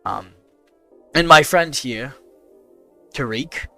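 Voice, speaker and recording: Tabletop role-play: a man as an earnest adventurer, bright tone, calm persuasion. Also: medium pitch, vocal fry, dry recording, soft background music, pitched above the performer's own voice, full character voice. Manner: earnest, confiding, measured persuasion. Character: earnest young man pleading with a guard.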